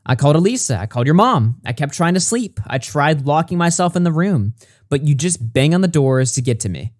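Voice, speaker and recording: A man's voice: fairly high pitch, big pitch swings, no echo. Man reading a statement aloud, dry sound. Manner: measured reading with occasional stumbles and brief asides. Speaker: commentary YouTuber.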